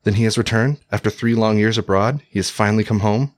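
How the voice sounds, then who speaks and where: An anxious young nobleman of letters, speaking formally in a low, deep voice, as a male narrator puts him on. He sounds earnest and easily shaken in this storybook reading. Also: steady tone, quick pace, dry recording, natural voice. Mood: alarmed. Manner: formal, alarmed questioning.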